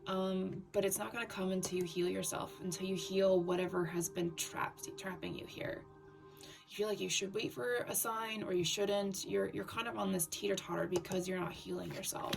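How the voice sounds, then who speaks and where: A woman giving a tarot reading in a scratchy voice, talking haltingly with fillers and restarts. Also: medium pitch, steady tone, gravelly. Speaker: tarot reader. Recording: distant mic with background music.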